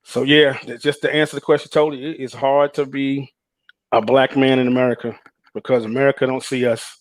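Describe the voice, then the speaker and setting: A man's voice: mid-range voice, flat delivery, fairly quick. A man on a panel, speaking earnestly and reflectively about his own experience, with many fillers. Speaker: panel guest. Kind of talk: casual chat, personal testimony.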